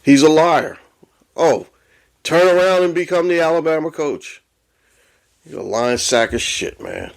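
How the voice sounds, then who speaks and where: Man, high-pitched voice, angry sports rant, heavy swearing, podcast host. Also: unhurried, long pauses.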